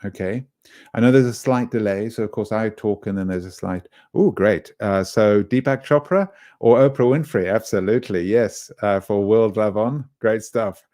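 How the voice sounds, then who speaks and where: A man's voice: lowish voice, normal speed, a little mellow. A man from South Africa hosting a live online workshop on social media writing, chatty and hesitant with many fillers. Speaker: webinar trainer.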